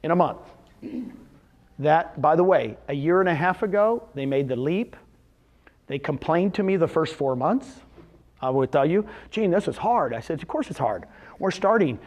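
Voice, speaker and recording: A man speaking live to a room of real estate agents, animated and quizzing his audience with questions, often acting out what others told him. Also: a little high, normal speed, highs cut off. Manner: retells conversations in quoted voices. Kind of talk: live seminar talk.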